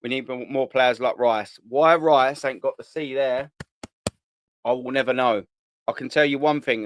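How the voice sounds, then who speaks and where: A man's voice: medium pitch, a bit bright, dry recording. A man hosting a casual live stream, reading out viewer comments in a blunt, slangy, sweary way with frequent laughter. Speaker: host of a live fan channel.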